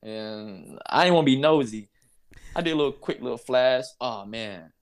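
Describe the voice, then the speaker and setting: A young man from North Carolina, a basketball player, telling a story as an interview guest in a casual, animated way, laughing and acting out the people in it. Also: mid-range voice, normal speed. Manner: animated, laughs while telling, acts out voices.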